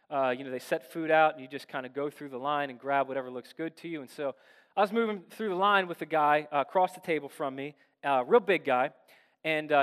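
A young adult man, a pastor from Maryland, preaching a sermon in a relaxed, conversational, self-deprecating storytelling way in a church. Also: a little high. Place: church sanctuary. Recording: long hall reverb.

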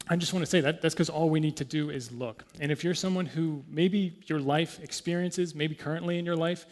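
Guy pastor preaching casually in church, lots of ums and throat clearing, slightly high voice. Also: long reverb tail. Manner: conversational, many fillers, clears throat often. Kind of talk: sermon.

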